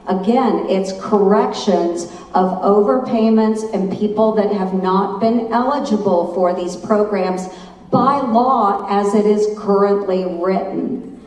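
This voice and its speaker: A woman's voice: mid-range voice, measured pace, darkish tone. A woman senator speaking defensively at a town hall, repeating herself as she answers the crowd. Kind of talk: public town hall remarks. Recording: distant echoey hall recording.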